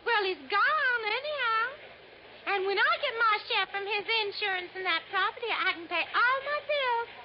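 A high nasal gossipy spinster. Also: female voice, lively intonation, normal speed. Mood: chattering. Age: 30s. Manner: rambling, gossipy. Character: nasal chattering small-town woman, greedy. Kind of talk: 1950s radio drama acting. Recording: dull old radio recording with noise.

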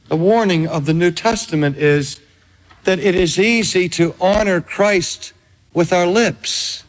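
Man, sermon, dramatic pauses, unhurried, long church reverb. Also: high voice. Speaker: preacher.

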